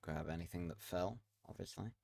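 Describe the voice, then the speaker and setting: This male gaming video creator has a low, gravelly, warm voice and speaks fairly quickly. While playing a building game, he offers casual commentary, mutters to himself, swears occasionally, and laughs.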